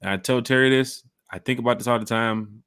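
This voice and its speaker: A man hosting a fan podcast in casual chat, telling stories with lively acted-out quotes on a home mic and camera. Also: mid-range voice, a little fast, clear, resonant tone, dry recording, clean studio sound. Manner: animated storyteller acting out quotes. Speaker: podcast host.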